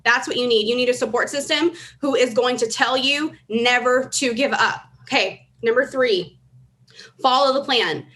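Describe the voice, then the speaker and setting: A woman's voice: a little high, moderate pace, fairly bright tone. A woman in her thirties speaking on a convention stage, emotional and earnest, building to urgent calls for commitment. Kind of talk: motivational stage speech. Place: large convention hall.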